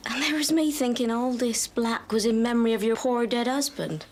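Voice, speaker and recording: A woman's voice: a little high, normal speed, close to an everyday voice. An actress playing a blunt, teasing, gossipy woman friend in a TV drama. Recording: TV drama soundtrack with background noise.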